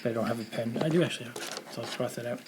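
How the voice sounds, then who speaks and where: A man's voice: medium pitch, racing, poor audio. A man with a New York accent, casually chatting to a live-stream audience while playing a retro game, thinking aloud as he goes.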